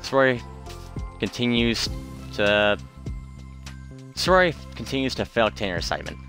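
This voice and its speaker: A man's voice: mid-range voice, big pitch swings, moderate pace, fairly bright tone. A man casually commenting on a visual novel as he plays and reading its narration aloud, musing and unsure. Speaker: let's play streamer. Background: game music.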